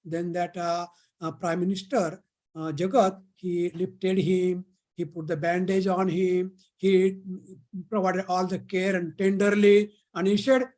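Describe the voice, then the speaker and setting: A speaker from India, telling a folk tale to young people at a summer camp, halting and restarting often. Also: mid-range voice, a little mellow. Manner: halting, many pauses and restarts. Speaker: storyteller at a youth camp.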